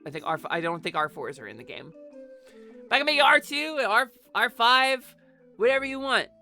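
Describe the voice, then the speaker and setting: A woman streamer chats casually with her viewers in a fairly high voice with a bright, sharp edge. She is excitable and talkative, swears freely and jumps into squeaky outbursts, with faint music playing behind her. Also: a little fast. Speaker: VTuber streamer. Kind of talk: casual livestream chat.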